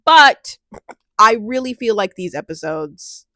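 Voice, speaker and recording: A young woman chatting casually at home on her couch as she recaps a reality show, animated and laughing often. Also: mid-range voice, measured pace, no echo, clean studio sound. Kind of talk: casual chat.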